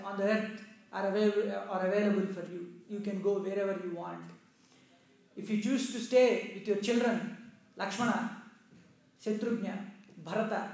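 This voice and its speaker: A man's voice: high-pitched, creaky, a little mellow, far from the mic. A man voicing a stern royal warrior prince who speaks with cold formality. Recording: heavily echoey room.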